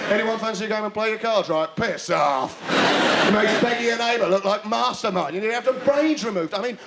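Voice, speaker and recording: A man's voice: very high-pitched, fairly bright tone, a little hiss or hum. A young man in his twenties doing a stand-up comedy routine in a sardonic, ranting, mocking way.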